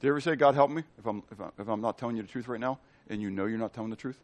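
A man's voice: mid-range voice, very fast. A man preaching a sermon in a casual, playful way, often acting out the people in his story. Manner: animated, playful, acts out quotes. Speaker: pastor.

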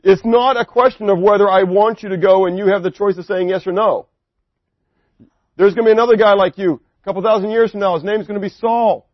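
A man's voice: high voice, fairly even intonation, brisk, dry recording. A man voicing God as a firm, insistent figure who reassures a reluctant prophet. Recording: dry, dull lo-fi recording.

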